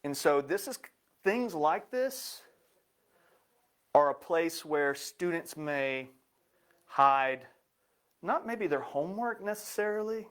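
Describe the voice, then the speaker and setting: Guy doing a live talk for parents, joking around, kinda high voice. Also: animated, takes it slowly, pauses often, fairly bright tone. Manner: upbeat and joking. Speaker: presenter. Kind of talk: live presentation.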